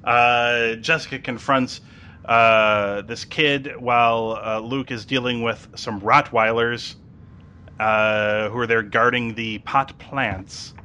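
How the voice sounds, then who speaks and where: A man's voice: mid-range voice, steady tone, slow, sharp tone, slight background noise. A man casually recapping a TV episode as a podcast host, chatty with lots of ums and uhs.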